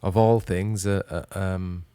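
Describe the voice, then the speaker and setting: An easygoing man co-hosting a podcast, prompting his co-host with questions. His voice sits on the low side. The recording is dry and close. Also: level tone, measured pace, warm tone, clean tone, no room sound. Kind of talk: casual chat.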